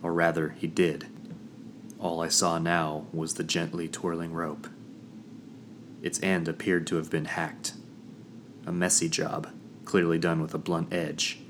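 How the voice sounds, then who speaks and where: A man narrating a first-person fantasy audiobook in a measured, dramatic storytelling manner. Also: deep voice, completely flat delivery, background noise.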